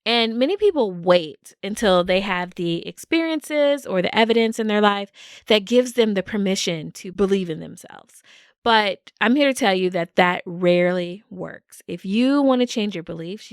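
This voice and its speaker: A woman's voice: medium pitch, gravelly, no echo, studio quality. A woman hosting a solo podcast, talking in an upbeat way and laughing often. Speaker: podcast host.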